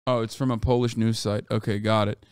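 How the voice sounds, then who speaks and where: A man streaming live, reacting to news with profane, animated commentary and talking back to his chat. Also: fairly low pitch, smooth, no room sound, clean studio sound. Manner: reads quotes aloud quickly.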